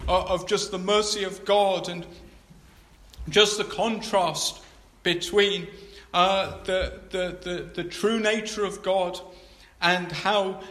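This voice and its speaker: A man reading scripture aloud and then preaching on it, often halting and repeating words as he searches for the next phrase. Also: high voice, fairly bright tone, echoey room.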